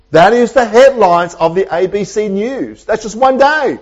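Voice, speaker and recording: A man's voice: high-pitched, animated. Emphatic preaching man, dull lo-fi sound. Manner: emphatic preaching with repetition and dramatic pauses. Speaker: pastor. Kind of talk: sermon. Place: church with online Zoom audience.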